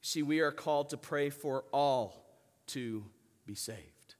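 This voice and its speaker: A man preaching in a church sanctuary, his fairly high voice ringing out with a long reverb tail. He calls on the congregation to answer back, and he moves between loud emphatic peaks and quiet, low asides. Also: slow pace. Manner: preaches with call-and-response to the congregation. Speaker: pastor. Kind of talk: sermon.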